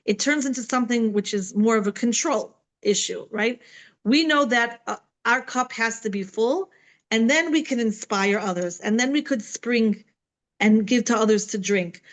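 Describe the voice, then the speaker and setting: A woman's voice: on the high side, moderate pace, low-quality recording. A middle-aged woman teaching a Torah class online from home, chatty and full of "right?" asides. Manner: conversational, many fillers and "right?" asides.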